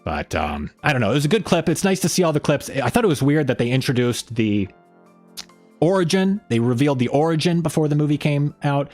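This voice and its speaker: Animated, rambling man hosting a stream. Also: brisk, faint music behind. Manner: rambling, with many fillers and restarts; lively pitch swings when joking. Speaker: host. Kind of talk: casual live-stream chat.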